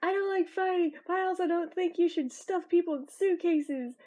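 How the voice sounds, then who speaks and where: Earnest young comic hero guy with a mock growl, read by a woman, bright high tone. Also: normal speed.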